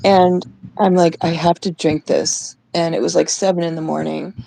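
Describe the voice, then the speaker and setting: A woman's voice: fairly low pitch, steady tone, moderate pace, vocal fry, warm tone, slight background noise, poor audio. A young adult woman from Canada, co-hosting a podcast, telling a story in casual chat, acting out the voices she quotes and swearing freely. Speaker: podcast co-host.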